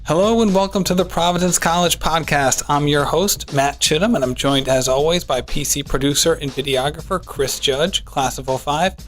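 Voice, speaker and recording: A man's voice: a little high, moderate pace, few pauses, a bit bright, faint music behind. Friendly male college podcast host. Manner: friendly, conversational, with fillers and restarts. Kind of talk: podcast interview.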